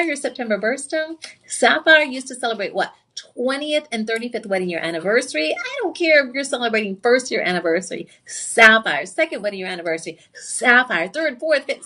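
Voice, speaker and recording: Selling jewelry on live shopping TV in a studio, this woman speaks with a fairly high pitch and fairly quickly. She's excitable and talkative, telling personal stories and aiming sassy remarks at viewers.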